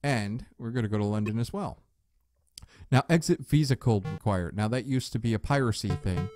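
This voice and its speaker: A man casually commenting as he plays an old adventure game, relaxed and chatty, with jokey asides. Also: fairly low pitch, normal speed, music in the background. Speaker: let's play host.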